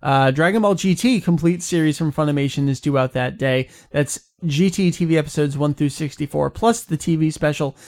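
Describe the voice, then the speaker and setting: A man co-hosting a casual fan podcast, relaxed and chatty with frequent fillers. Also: a little high, no room sound, studio quality. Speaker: podcast co-host.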